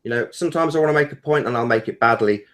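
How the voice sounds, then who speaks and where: A man's voice: medium pitch, rapid-fire, a bit bright. A man talking bluntly on an online group call, then owning his faults in an apologetic tone. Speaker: guest video maker.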